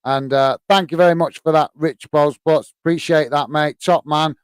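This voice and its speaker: A man's voice: fairly high pitch, steady tone, normal speed, clear, resonant tone, no echo. A man from the UK hosting a live football watch-along, reading viewer comments in a hesitant, friendly way with lots of fillers and calling people mate.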